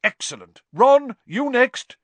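A man voicing an upbeat male teacher who gives brisk, encouraging commands to a class. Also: a little high, animated, a bit bright, no echo, pitched above the performer's own voice.

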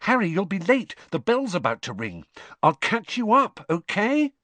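A man voicing an anxious, bookish teenage girl who talks rapidly and frets. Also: sits high, wildly swooping pitch, fairly bright tone, no room sound, voice pushed up, exaggerated voice. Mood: urging. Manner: rapid, fretful chatter.

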